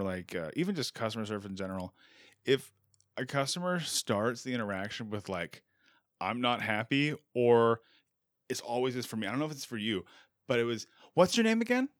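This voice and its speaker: A man's voice: medium pitch, no room sound, clean studio sound. A young American man hosting a podcast, chatting casually and animatedly, swearing and acting out the voices he quotes. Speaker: podcast host. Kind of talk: casual chat.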